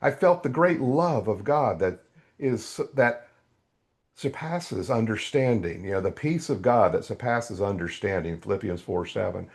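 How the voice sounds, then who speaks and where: Telling his faith story raw and unfiltered, this middle-aged man is a guest on a podcast interview who acts out his past outbursts. The voice is fairly low and darkish, animated, and a little slow.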